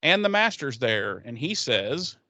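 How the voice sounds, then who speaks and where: A man's voice: medium pitch, very animated, measured pace, sharp tone, a little hiss or hum. A man hosting a podcast, recapping a TV episode in a rambling, profane, casual way with laughing asides.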